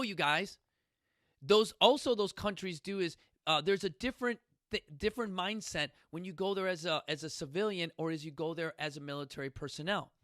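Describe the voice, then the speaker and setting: A man from Chicago, United States, hosts a casual motivational talk, rambling, joking and speaking bluntly with some profanity. His voice is high-pitched, pushed and bright, recorded with studio quality and no echo.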